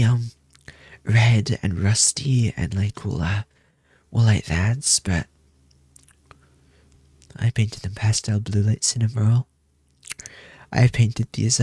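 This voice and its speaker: A young man streaming, talking in a loose, rambling way that circles back on his own phrases with playful self-mockery. His voice sits on the low side with a husky grain, and it comes across dry and close, with no room sound around it. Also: darkish tone, no room sound. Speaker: VTuber streamer. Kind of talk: casual debut stream chat.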